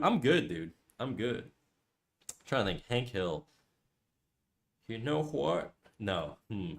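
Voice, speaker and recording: Bright-voiced rambling male streamer. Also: mid-range voice. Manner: rambling, self-deprecating, swears casually. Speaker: live-streaming artist. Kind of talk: casual livestream chat.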